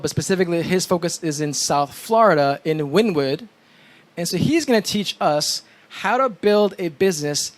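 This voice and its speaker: A man from New York, an event emcee introducing the next speaker on stage with animated storytelling. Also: sits high. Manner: animated storytelling, mimics phone calls.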